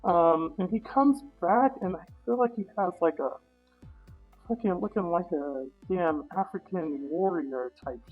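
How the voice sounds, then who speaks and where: A woman guest telling a story in casual talk, animated and profane, acting out her own reactions. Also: on the low side, breathy edge, muffled recording. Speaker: interview guest.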